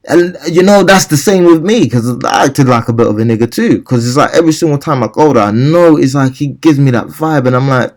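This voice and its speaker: A young man rants through a story in casual, rambling speech. He keeps acting out his own replies, and his voice sits at an ordinary middle pitch. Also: a little fast, darkish tone. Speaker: vlogger.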